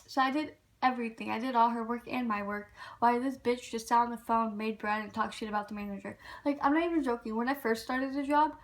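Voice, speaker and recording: A woman's voice: a little high, fast talker, few pauses. A young woman, telling a casual, frank and profane storytime vlog about getting fired. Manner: frank, profane, animated retelling.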